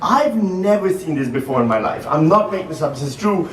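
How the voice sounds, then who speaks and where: A man, performing a stand-up comedy set with quick shifts into acted-out quotes. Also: on the high side, animated, a little hiss or hum. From Pakistan. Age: 40s. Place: museum hall, live audience. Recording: roomy live hall, mic heard from a distance, loud crowd laughter.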